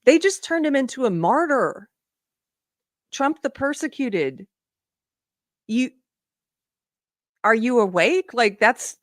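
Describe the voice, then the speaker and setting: A woman's voice: high-pitched, big pitch swings, unhurried, long pauses, dry recording, studio quality. A middle-aged woman hosting a live political commentary stream, talking casually and sarcastically, often laughing.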